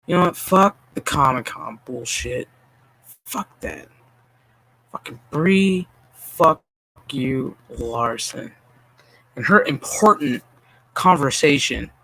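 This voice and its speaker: A man's voice: medium pitch, animated, slow pace, pauses often, pushed and bright. A man hosting a stream, ranting in casual, profanity-heavy commentary with a sarcastic, exasperated manner and frequent stammered restarts. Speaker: streamer host.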